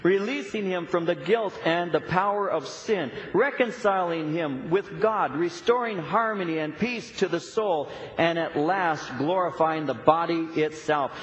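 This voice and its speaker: A man's voice: on the high side, unhurried, hardly any pauses. A middle-aged man preaching a sermon as a pastor, earnest and emphatic, with frequent repetitions. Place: church sanctuary. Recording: echoey, dull church recording.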